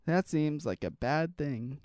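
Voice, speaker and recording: A man's voice: on the high side, expressive, slow, a little mellow, clear, resonant tone, dry recording, clean studio sound. A man co-hosting a casual chat, reacting to news stories in a rambling, talkative way with lots of fillers. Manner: rambling, chatty, trails off and restarts with fillers. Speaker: podcast co-host.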